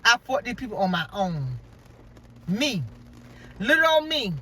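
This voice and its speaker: A woman vlogger tells a story in a casual, animated rant, acting out quoted dialogue and exclaiming about God. Her mid-range voice moves at a normal speed with frequent pauses. She's recorded far off the mic, with a little hiss or hum.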